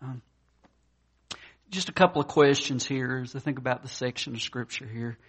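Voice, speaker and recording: A man preaching a conversational sermon, talking plainly with many fillers and restarts, and raising his pitch when he voices the people in his stories. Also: moderate pace, husky. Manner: voices quoted characters in a higher pitch. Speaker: pastor.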